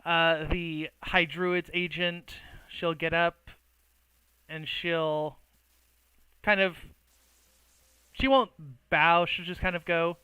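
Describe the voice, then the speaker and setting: Male game master, slow and relaxed, bright crisp voice. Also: a little high, dry recording, low-quality recording. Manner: relaxed, hesitant with fillers. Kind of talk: narrating a tabletop game.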